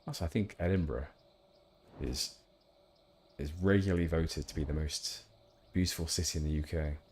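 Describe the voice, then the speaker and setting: A man's voice: a bass voice, moderate pace, darkish tone, slight background noise. A man chatting casually while streaming a game, rambling with asides. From England. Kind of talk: casual gameplay chat.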